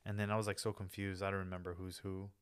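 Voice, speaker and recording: A man's voice: sits low, level tone, quick pace, clean tone. A man from the United States co-hosting a casual podcast, telling loose, slangy stories full of fillers and restarts. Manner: rambling, loose slangy storytelling with many fillers. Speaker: podcast co-host. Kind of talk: casual chat.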